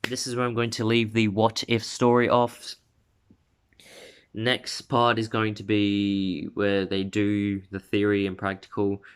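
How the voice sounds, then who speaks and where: A man's voice: on the low side, monotone, measured pace, clear, resonant tone. A man casually narrating an unscripted fan story, rambling with frequent restarts and fillers.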